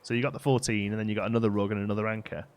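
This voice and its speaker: A man's voice: lowish voice, very fast. A man casually commenting on his own gameplay during a live stream, chatting with viewers and answering their messages. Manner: relaxed, chatty, reads chat aloud and answers it.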